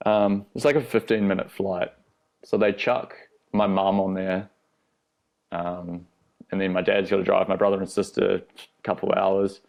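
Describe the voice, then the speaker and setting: A young Australian man with a lowish voice and a gravelly edge, talking as a guest on an interview show. He tells his stories loosely and casually and swears a lot, chuckling along the way. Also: flat delivery, normal speed, a little mellow. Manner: laid-back, swears freely, laughs through stories. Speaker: guest skateboarder. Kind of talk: casual storytelling.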